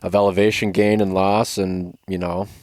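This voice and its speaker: An exhausted man chatting as a podcast guest, easygoing and agreeable. His voice sits very low. The sound is dry and close to the mic. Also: flat delivery, normal speed, a little mellow, dry recording. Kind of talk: casual chat.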